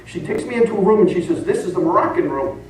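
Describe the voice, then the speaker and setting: A high-pitched, fast-talking middle-aged pastor preaches in a church sanctuary, telling stories and laughing along with animation. The sound is an echoey hall, recorded from far off.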